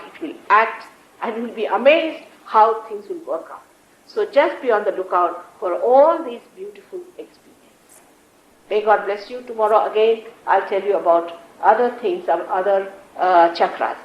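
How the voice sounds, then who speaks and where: A woman spiritual teacher giving a public talk, unhurried and gentle, with emphatic repetition as she tells stories. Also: medium pitch, highs cut off. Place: large lecture hall. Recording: roomy 1980s hall recording.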